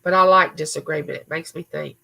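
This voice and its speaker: A woman's voice: low voice, steady tone, a little fast, creaky, sharp tone, poor audio. A woman hosting a casual live chat from her home recording room, reading viewer comments aloud and answering people by name. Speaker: livestream host.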